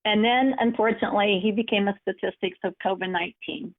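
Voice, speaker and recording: A woman coaching through a live webinar, sharing personal stories in an encouraging, storytelling way. Her voice sits at an ordinary middle pitch. The sound is narrow and phone-like, as if it came down a call line. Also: fairly even intonation, quick pace. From United States. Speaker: empowerment coach and speaker. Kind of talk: webinar presentation. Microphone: webinar call audio.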